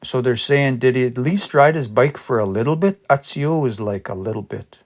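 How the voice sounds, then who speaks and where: A man studying a language on a casual livestream, thinking aloud and sounding out new words slowly and repeatedly. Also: mid-range voice. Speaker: language teacher.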